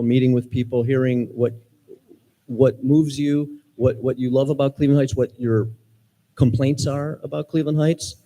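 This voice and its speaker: A middle-aged man from Ohio speaking as a mayoral candidate, sincere but halting, with many ums and restarts. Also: medium pitch, warm tone, low-quality recording. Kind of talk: campaign speech at forum.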